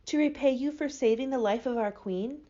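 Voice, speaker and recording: A woman voicing excited little field mice who speak in a shrill, breathless way, in a storybook reading. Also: moderate pace, muffled recording, close to an everyday voice. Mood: earnest.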